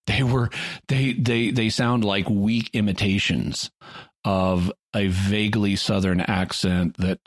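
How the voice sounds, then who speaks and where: A man's voice: on the low side, fairly even intonation, slow, no room sound. A man co-hosting a podcast, explaining things at length in a thoughtful, casual way, often stopping to rephrase. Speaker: podcast co-host. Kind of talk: casual discussion. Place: lives in the Ozarks.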